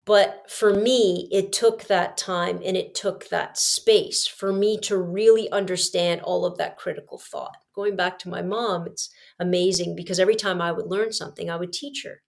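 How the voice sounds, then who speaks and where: A woman hosting a podcast, telling a personal story in an emphatic, lively way, swinging between punchy loud lines and hushed asides. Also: lowish voice, normal speed, gravelly, few pauses. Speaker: podcast host.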